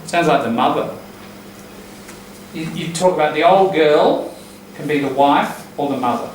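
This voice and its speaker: A man teaches a relaxed English class, unpacking pronunciation patterns and repeating phrases to model them. He is picked up from a distance in a very echoey classroom, with faint hiss in the background. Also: a little high, measured pace.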